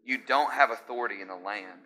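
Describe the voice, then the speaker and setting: Bright-voiced man preaching a fiery sermon. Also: on the low side, brisk, faint music behind. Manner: swings from hushed intensity to shouting; asks the crowd call-and-response questions. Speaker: pastor.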